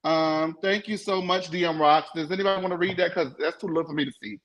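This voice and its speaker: Sassy, animated man hosting a live recap. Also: fairly high pitch, fast, a crowd in the background, low-quality recording. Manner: animated, sassy, playful chants. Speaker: panel host.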